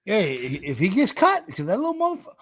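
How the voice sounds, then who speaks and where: A middle-aged man with a high, husky voice and wildly swooping pitch co-hosts a casual podcast, recorded with no echo. He chats in a drawn-out way, laughing often and swearing plenty.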